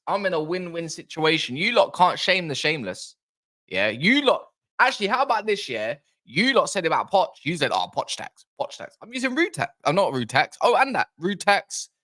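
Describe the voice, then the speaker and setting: A man hosting a casual football fan live chat, excitable and rambling, bantering with viewers' comments. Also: high voice, normal speed. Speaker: football fan livestream host.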